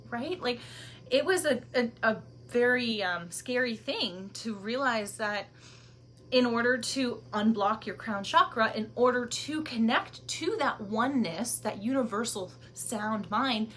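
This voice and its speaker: A woman's voice: a little high, expressive, a little slow, slight background noise. A woman giving a weekly spiritual energy reading, speaking with feeling and often dropping into a near whisper. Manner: emotional, breathy asides, laughs and near tears; soft, drops to near-whispers. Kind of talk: spiritual card reading monologue.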